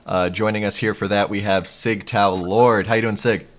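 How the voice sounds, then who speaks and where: A man's voice: lowish voice, fairly even intonation, moderate pace. A man opening an esports broadcast as caster, introducing each member of the crew with announcer energy. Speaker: play-by-play caster.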